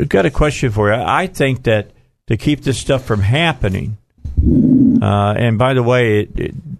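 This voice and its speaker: A man's voice: fairly low pitch, gravelly. A man hosting a radio talk show, folksy and rambling with frequent fillers.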